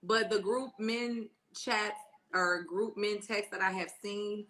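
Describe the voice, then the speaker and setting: A woman's voice: medium pitch, fairly even intonation, slow pace, a bit bright. A woman co-hosting a casual live stream, teasing her co-host and reading viewer comments with brash, profane humor. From born in Spain, raised in Florida and Texas. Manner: brash, teasing, swears freely.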